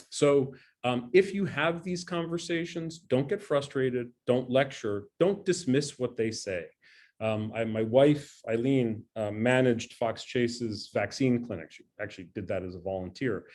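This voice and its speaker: A man's voice: mid-range voice, darkish tone. Earnest middle-aged man giving a talk. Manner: conversational, earnest, self-deprecating. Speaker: scientist giving an alumni talk. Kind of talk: presentation talk. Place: home dining room.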